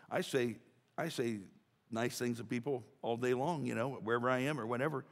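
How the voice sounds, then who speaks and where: A pastor with a medium-pitched voice preaches a casual, joking sermon at a brisk clip, chatting away with plenty of restarts and asides. He's in a church sanctuary, and the recording carries the reverb of a church hall.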